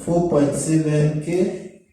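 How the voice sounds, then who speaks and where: Brief: male engineering tutor, fairly high voice, rambling think-aloud delivery, distant mic in a very echoey room. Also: fairly even intonation, takes it slowly, noisy background. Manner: thinks aloud, repeats himself, addresses viewers as guys. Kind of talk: informal problem-solving lesson.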